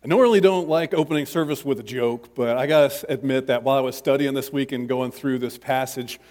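A man's voice: mid-range voice, fast, darkish tone, big-room sound. A man pastor preaching a sermon in a church, chatty and self-deprecating, with many restarts.

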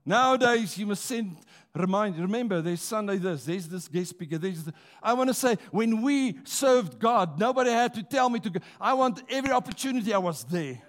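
High-voiced preacher. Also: male voice, expressive. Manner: rousing call-and-response preaching, slows for emphasis. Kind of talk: sermon. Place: church.

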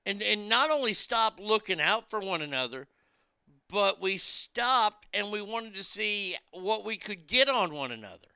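A man's voice: sits high, very animated, measured pace, creaky, pushed and bright, clear, resonant tone, no echo, clean studio sound. A man hosting a podcast, delivering a blunt, profane, exasperated opinion rant. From United States.

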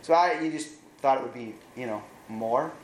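A man preaching, retelling a film's plot in an animated way with wry asides. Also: mid-range voice, normal speed, echoey room, a little hiss or hum, rough recording. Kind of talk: sermon storytelling.

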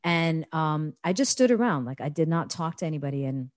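A woman's voice: sits low, brisk, no room sound, clean studio sound. A woman from the United States telling a funny party story in casual chat, laughing and acting out the people she quotes. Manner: animated, laughing, acts out quoted voices.

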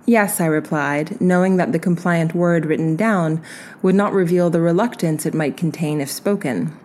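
Slow, measured woman reading an essay. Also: low voice, a little mellow. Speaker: reader.

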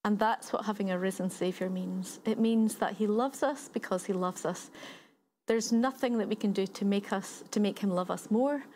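A woman's voice: medium pitch, normal speed, a little mellow, slight background noise. A woman giving a sermon, retelling a story in a conversational way and building points through repetition. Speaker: preacher.

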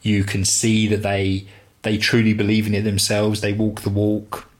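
Relaxed low-voiced male podcaster. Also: moderate pace. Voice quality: relaxed, rambling, many fillers. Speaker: podcast co-host. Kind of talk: casual chat.

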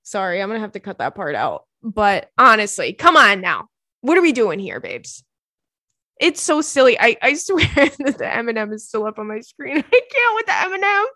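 Young female podcast host, expressive and chatty, slightly high voice. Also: brisk, no room sound, clean studio sound. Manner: chatty, ranting, laughs often. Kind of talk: casual chat.

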